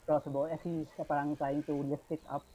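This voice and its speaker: A Filipino man running a tabletop game, narrating the action with plenty of ums and parangs as he switches between English and Tagalog. His voice sits a little high for a man. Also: level tone, brisk, dark tone, husky, low-quality recording. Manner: narrates with many fillers, mixing English and Tagalog. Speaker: game master.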